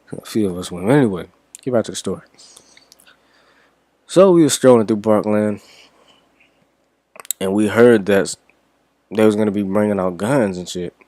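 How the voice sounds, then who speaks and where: A young man from Washington, D.C. tells a story in a rambling, laid-back way, swearing freely. His voice sits a little low. The sound is close and dry, with no room echo. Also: a little slow, long pauses, warm tone. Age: young adult. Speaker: reaction vlogger. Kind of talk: casual storytelling.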